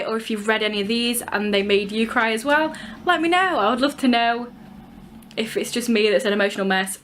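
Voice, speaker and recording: Young woman book vlogger, slightly high voice, chatty and emphatic, casual swearing. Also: fairly bright tone. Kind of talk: casual book review chat.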